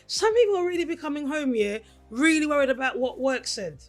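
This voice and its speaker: A Nigerian-born woman co-hosting a podcast in casual chat, her voice hoarse, laughing often as she tells stories. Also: high-pitched, brisk, soft background music. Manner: laughs often, animated storytelling. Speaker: podcast co-host.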